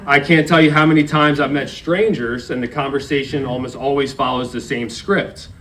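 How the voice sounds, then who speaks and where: Guy in his 30s from maryland doing a eulogy, storytelling, mid-pitched voice, bit of faint hum behind. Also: steady tone, normal speed, a bit bright, low-quality recording. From Maryland, USA. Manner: storytelling, acts out quoted dialogue. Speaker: grandson giving a eulogy. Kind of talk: memorial speech. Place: memorial service.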